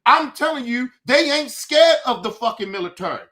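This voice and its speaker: A man's voice: extremely high pitch, lively intonation, moderate pace, bright, forceful tone. A male streamer hosting his show, ranting in a profane, combative and taunting way. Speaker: host. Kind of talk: livestream commentary rant.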